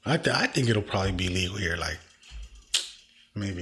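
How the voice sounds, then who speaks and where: A man's voice: low-pitched, expressive, moderate pace, a bit bright, a little hiss or hum. A man with an American accent co-hosting a casual podcast, rambling in a laid-back way with lots of filler words. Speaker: podcast co-host. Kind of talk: casual chat.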